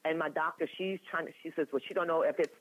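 A woman in her sixties, a guest in an interview, talking in an animated, chatty way with frequent laughs and restarts. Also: sits low, fast. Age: 60s. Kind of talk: candid conversational storytelling. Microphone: telephone. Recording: tinny phone line.

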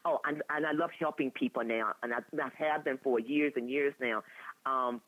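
A woman in her sixties, a guest in an interview, talking in an animated, chatty way with frequent laughs and restarts. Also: a bass voice, moderate pace. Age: 60s. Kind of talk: candid conversational storytelling. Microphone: telephone. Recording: tinny phone line.

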